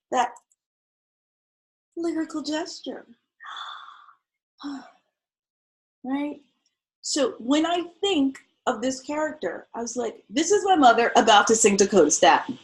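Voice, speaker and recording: A woman teaches solo performance to viewers of a live stream. She talks in an expressive, conversational way, swinging from loud to soft. She keeps checking in with the audience as she goes. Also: high-pitched, takes it slowly, pauses often, low-quality recording.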